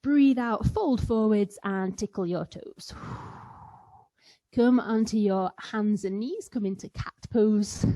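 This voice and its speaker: Leading a playful yoga session for children, this woman occasionally slips in animal sounds as she gives instructions. She speaks slowly in a mellow, medium-pitched voice.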